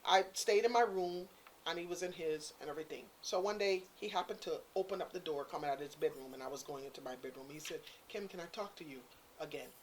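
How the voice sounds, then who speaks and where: A guest storyteller with a deep voice tells a story at a quick pace in casual chat, with slight background noise behind her. She speaks Caribbean-inflected English and animatedly acts out the voices of the people involved.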